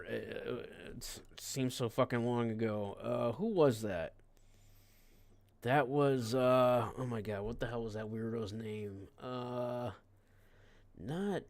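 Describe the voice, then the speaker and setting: A man's voice: medium pitch, darkish tone, no echo. A man streaming live, telling a rambling, profane story in an irritated, casual way. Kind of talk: casual livestream rant.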